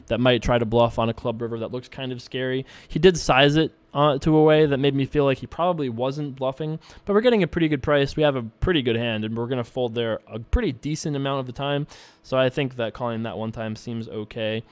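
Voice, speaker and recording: Smooth-voiced man chatting casually. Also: medium pitch, fairly quick, dry recording. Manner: rambling and relaxed, with frequent filler words and restarts. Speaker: poker player and show host. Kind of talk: casual commentary over live online play.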